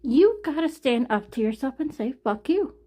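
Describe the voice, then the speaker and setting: A woman's voice: high-pitched, expressive, normal speed, dark tone. A woman vlogging in a casual rambling monologue, full of "you know", sighs and laughs.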